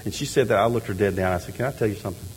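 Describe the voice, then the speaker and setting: Man, middle-aged pastor, sermon, animated quiet-to-loud delivery, long reverb in a large church. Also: fairly low pitch, rapid-fire, slight background noise. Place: church sanctuary.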